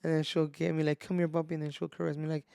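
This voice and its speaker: A man's voice: fairly high pitch, monotone, very fast, gravelly, warm tone, clear, resonant tone, dry recording, clean studio sound. A young man, a podcast co-host, talking about fatherhood in a laid-back casual chat, calling people "bro" and "dude".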